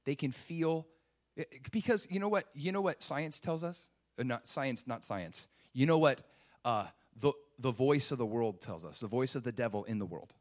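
A man's voice: mid-range voice, animated, moderate pace. A man preaching a sermon, emphatic and full of rhetorical questions. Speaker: pastor.

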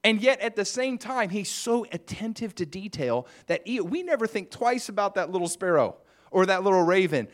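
A man's voice: high voice, expressive, normal speed. A man preaching a conversational sermon, musing aloud with asides to the congregation. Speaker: pastor.

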